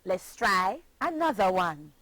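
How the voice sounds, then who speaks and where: A woman's voice: medium pitch, big pitch swings, a bit bright, no echo, poor audio. A Jamaican woman teaching children a pronunciation lesson, chanting phrases and spelling words out letter by letter. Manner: slow, sing-song chanting with patient spelling out.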